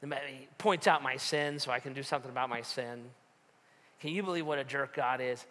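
Forceful, bright-voiced male preacher. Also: medium pitch, fairly quick, big-room sound. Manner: conversational preaching with storytelling and repeated rhetorical questions. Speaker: pastor. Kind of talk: sermon.

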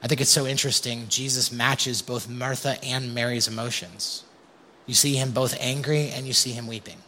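A man's voice: mid-range voice, steady tone, moderate pace, pushed and bright, slight background noise. A man preaching an impassioned sermon as pastor, often calling his listeners "you guys". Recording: long hall reverb.

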